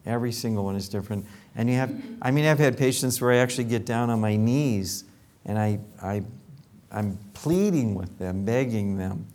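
An older man with a lowish voice tells stories from his dental practice in a relaxed, chatty way. He slips into other people's lines as he acts out quotes. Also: normal speed. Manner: animated anecdotes with acted quotes. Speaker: dentist. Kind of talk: casual storytelling.

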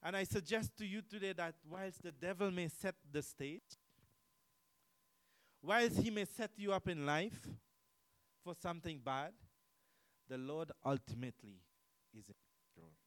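Preacher guy, kinda high voice, asks the crowd questions, repeats himself, goes loud then quiet, dry sound. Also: lively intonation, measured pace, long pauses, smooth, no echo, low-quality recording. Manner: emphatic, repetitive, rhetorical questions, swings between loud and quiet. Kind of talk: sermon.

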